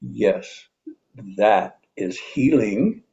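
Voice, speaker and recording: A man in his seventies giving a reflective teaching talk, unhurried, pausing often and repeating calm self-affirmations. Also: on the low side, gravelly, dull audio. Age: 70s. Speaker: speaker on personal healing.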